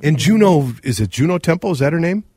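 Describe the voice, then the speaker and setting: Animated Minnesotan radio co-host. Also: male voice, a little high, quick pace, husky, dry recording. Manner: animated, self-correcting, rambling. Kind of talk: casual radio chat.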